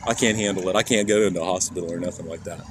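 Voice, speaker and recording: A man from Kansas, USA, live-streams on a handheld phone while walking city streets, rambling and swearing as he talks straight to his chat. His voice is low and rapid-fire, and the phone stream picks up loud traffic and street noise.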